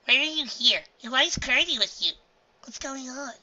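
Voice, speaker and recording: A woman's voice: high-pitched, lively intonation, normal speed, sharp tone, voice pushed up, heavily acted. A woman voicing a scatterbrained, caring mother mare from a storybook, talking in a flustered, caring way. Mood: concerned. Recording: dull lo-fi home recording.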